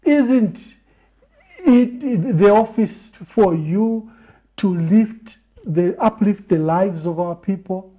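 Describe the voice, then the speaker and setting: A man on a TV interview show who speaks in a measured way, building his points through repeated phrases. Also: high-pitched, mellow, muffled recording. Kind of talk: reflective talk in a TV interview.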